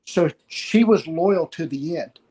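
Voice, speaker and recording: Halting man telling a story. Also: fairly high pitch, dark tone, husky. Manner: halting, pauses and repeats words. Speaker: guest sharing a story of loss. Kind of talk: emotional personal storytelling.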